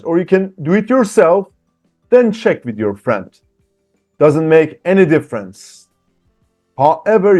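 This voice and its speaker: A man teaching an online English lesson, reading example sentences slowly and clearly and talking directly to his viewers in an encouraging way. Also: a little high, a little mellow.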